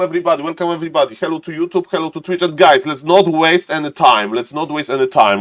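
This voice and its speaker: A man's voice: medium pitch, fairly bright tone. Chatty streamer man greeting viewers. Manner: chatty, laughs often, greets viewers by name. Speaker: streamer and game caster. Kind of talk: casual livestream chat to viewers.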